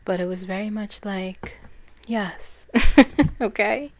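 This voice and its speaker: Slow, soft-spoken woman. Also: mid-range voice, no echo. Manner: soft-spoken, reflective, laughs often. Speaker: spiritual channeler and reader. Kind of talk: casual spiritual talk.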